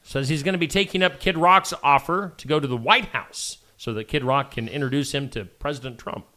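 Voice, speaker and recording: A man's voice: medium pitch, fairly quick. A man co-hosting a local morning show, reading headlines in a casual, jokey chat. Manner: jokey, lively, reads headlines.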